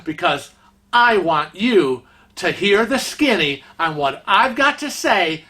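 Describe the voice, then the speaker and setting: Man, vlog host, indignant, emphatic, animated pitch, bright voice. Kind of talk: opinion segment on cruise etiquette.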